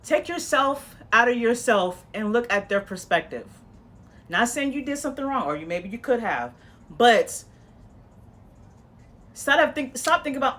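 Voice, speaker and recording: A woman's voice: fairly high pitch, lively intonation, normal speed, pauses often, fairly bright tone. A woman giving a casual tarot reading, blunt and emphatic, swearing freely and repeating herself as she talks. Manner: swears freely, uses slang. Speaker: tarot reader.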